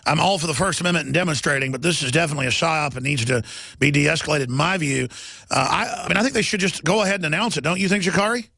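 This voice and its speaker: A man's voice: fairly high pitch, fast talker, creaky, pushed and bright, dry recording. A middle-aged man hosting a political talk radio show, ranting emphatically and repeating himself for effect.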